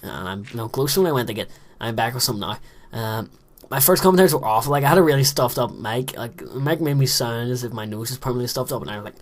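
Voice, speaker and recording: A man's voice: medium pitch, expressive, quick pace. A man in his late teens gives rambling, self-deprecating commentary while playing a game, recorded in a small closet room. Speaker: gaming commentator. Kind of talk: casual gameplay commentary.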